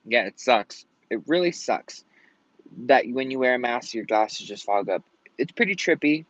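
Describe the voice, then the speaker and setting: A man's voice: medium pitch, animated, moderate pace, a bit bright, no echo. A man venting in a casual vlog rant, rambling and swearing often out of frustration. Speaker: vlogger. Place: at home in Colorado. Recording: dull lo-fi sound.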